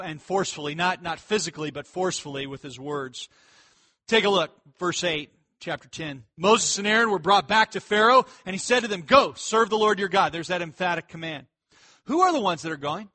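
Male pastor, animated Bible-teaching sermon, high voice, acts out the characters. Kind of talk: expository sermon.

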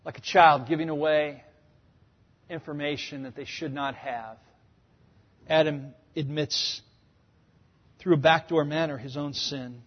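A man's voice: on the high side, a little slow, long pauses, slightly rough. A man in his thirties preaching a sermon, telling stories and acting out voices with humor. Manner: animated storytelling, acting out quoted voices with humor. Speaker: pastor. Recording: dull, echoey hall sound.

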